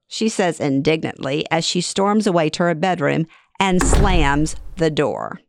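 A woman's voice: low voice, lively intonation, a little slow, creaky, dry recording, clean studio sound. A middle-aged woman reading her own memoir aloud in a wry, conversational way. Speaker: memoir narrator. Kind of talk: first-person storytelling reading.

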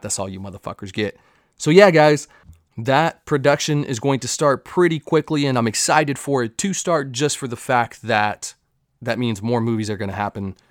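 A man's voice: medium pitch, no room sound, clean studio sound. A man hosting a solo podcast in a casual chat, loose and profane, with jokey asides. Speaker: podcast host. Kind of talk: casual solo podcast chat about comics and film news.

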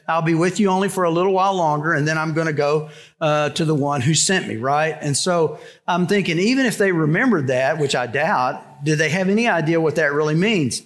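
A middle-aged pastor preaching a conversational sermon with wry asides. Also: male voice, on the high side, a bit bright.

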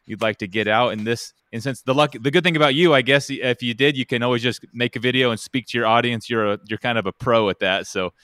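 A man's voice: mid-range voice, quick pace, hardly any pauses, a bit bright, no room sound, studio quality. A male host talking casually in an interview, rambling a little and filling gaps with "like" and "uh". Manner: rambling, lots of "like" and "uh".

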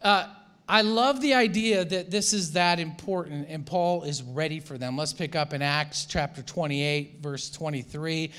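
A man preaching a sermon as pastor, animated, acting out the voices of the people he quotes, with frequent restarts. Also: fairly high pitch, a little slow, smooth.

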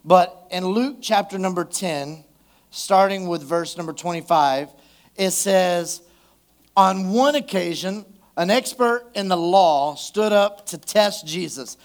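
A male pastor with a high voice preaches a live sermon in church. He keeps it conversational and loose, checking in with the congregation and drawing responses from them. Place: church service.

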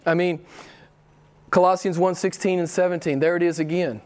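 A middle-aged male pastor delivering a sermon with a fairly high voice. He swings from loud, emphatic declarations down to hushed, near-whispered asides, keeping the congregation leaning in. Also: level tone, moderate pace.

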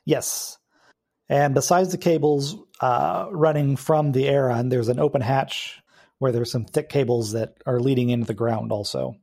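A man runs a tabletop game in a relaxed, rambling way, full of small hesitations. His voice is mellow and warm at a middle pitch. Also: normal speed, creaky. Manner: relaxed, hesitant narration with many fillers. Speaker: game master.

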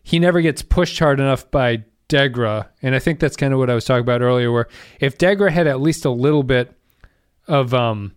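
A man in a casual podcast chat, mid-pitched and unhurried, mulling things over and reading listener mail aloud. The sound is close and dry, with no room around it. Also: clean tone, dry recording. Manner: thinks aloud, reads listener comments. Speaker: podcast co-host.

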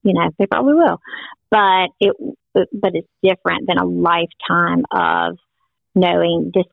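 An older woman with a lilt tells family stories in easy, rambling podcast chat. Her voice has a gravelly fry and comes through a tinny, phone-like channel. The sound is dry, with no room around it. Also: steady tone, measured pace, no room sound. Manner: warm storytelling with playful high quoted voices. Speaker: guest.

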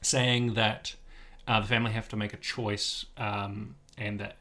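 A man's voice: lowish voice, flat delivery, unhurried, pushed and bright. A man co-hosting a podcast in casual chat, rambling and enthusiastic, with frequent restarts. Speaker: podcast co-host.

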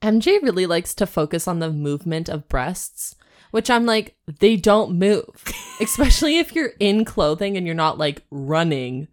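A woman's voice: lowish voice, big pitch swings, normal speed. A woman co-hosting a comedy podcast, cutting in with giggly jokes and mock outrage. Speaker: podcast co-host. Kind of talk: casual comedic chat.

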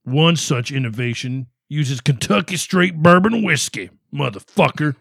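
A man's voice: fairly high pitch, animated, unhurried, creaky, fairly bright tone, husky, no room sound, clean studio sound, heavily acted. A man putting on a redneck voice to read a whiskey label as a brash, swearing patriot. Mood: bombastic.

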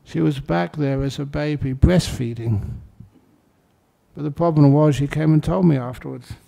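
A male meditation teacher gives a dharma talk in a heavily gravelly, fry-laden voice. His tone is dark and mellow, with no edge at all. He tells his stories in an easygoing, anecdotal way, as if chatting with the room. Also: a little high, moderate pace. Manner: relaxed anecdotal storytelling.

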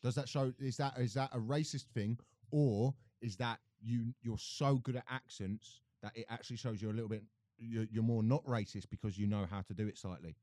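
A man's voice: medium pitch, fairly even intonation, a little fast, warm tone, no room sound. Young man, podcast co-host, playful banter, dry booth sound. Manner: joking, slips into impressions and accents. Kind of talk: casual chat.

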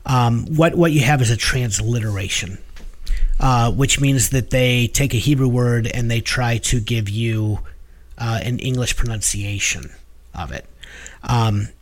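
Male podcast co-host, mid-pitched, explains in an easygoing way with plenty of ums. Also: unhurried. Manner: explanatory, hesitant with many fillers. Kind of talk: casual chat.

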